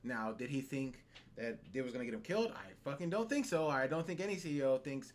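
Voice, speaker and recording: A man hosting a casual podcast, talking in an animated, profane way and laughing often. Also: mid-range voice, fast. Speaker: podcast host.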